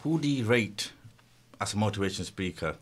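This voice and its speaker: Soft-spoken male radio host. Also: lowish voice, expressive, moderate pace. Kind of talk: interview questions.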